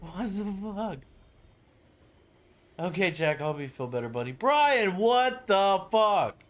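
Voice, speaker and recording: Slow-talking excitable male streamer. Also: high voice. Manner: excitable, swears and shouts in disbelief. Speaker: live streamer. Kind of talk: live game stream chat.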